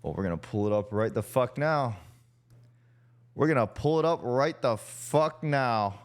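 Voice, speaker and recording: A man's voice: mid-range voice, animated, unhurried. A young man hosting a streamer podcast, teasing his guest in casual chat, swearing freely and laughing often.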